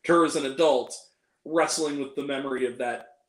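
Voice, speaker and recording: A man's voice: medium pitch, steady tone, brisk, echoey room, low-quality recording. A man hosting a casual film review chat, talking loosely with jokey asides and frequent laughs. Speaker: host.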